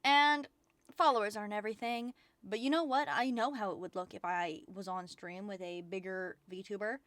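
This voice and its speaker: A woman VTuber chatting casually on a livestream, rambling excitedly and swearing often. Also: mid-range voice, moderate pace, no room sound. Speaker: VTuber streamer.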